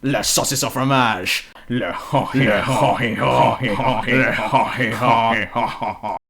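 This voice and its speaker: A man putting on an overdone French accent to mock game soldiers, halting with drawn-out uhs. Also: medium pitch, steady tone, creaky, a crowd in the background. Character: mock French squad, male, overly thick accent.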